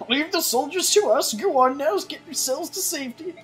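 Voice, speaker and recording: Woman playing an earnest young heroine, pitched up, pleading, game dub, faint music behind. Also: expressive, moderate pace, a bit bright. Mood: urgent. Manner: earnest pleading voice, raised higher. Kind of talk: fan voice-over of game cutscenes.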